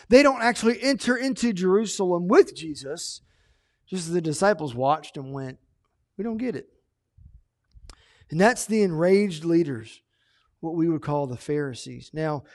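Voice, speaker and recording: A male pastor preaches with a lively, animated delivery, jumping from loud emphasis down to hushed asides. His voice sits high for a man. The sound is dry and close, with no room echo. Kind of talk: sermon.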